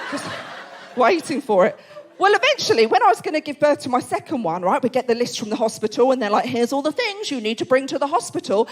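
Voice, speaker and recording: Female comic, high voice, animated storyteller, live club set. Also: brisk. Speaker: stand-up comedian. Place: comedy club stage before a live audience.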